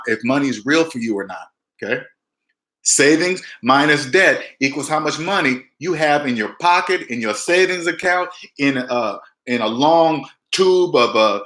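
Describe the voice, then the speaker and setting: A man giving emphatic personal finance advice straight to camera, mimicking people with big jumps in pitch. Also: bright, forceful tone, roomy sound. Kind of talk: direct-to-camera advice talk.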